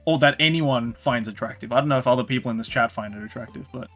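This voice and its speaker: A man's voice: medium pitch, quick pace, a bit bright, soft background music. A man with an Australian accent, hosting a casual chat stream and joking as he tells stories. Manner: joking storyteller, swears casually. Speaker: streamer host. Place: Tokyo home studio.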